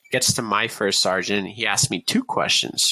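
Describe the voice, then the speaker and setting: A young man with a lowish, very bright and forceful voice tells a rambling army story on a podcast. He swears freely and laughs through his own punchlines. The sound is dry and close, with no room echo. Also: normal speed. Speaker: podcast guest. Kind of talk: casual storytelling.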